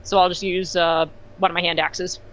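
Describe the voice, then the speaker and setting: A woman playing a tabletop game, talking in a hesitant, halting way and often restarting her sentences. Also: on the low side, level tone, fairly bright tone, lo-fi sound, slight background noise. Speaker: player.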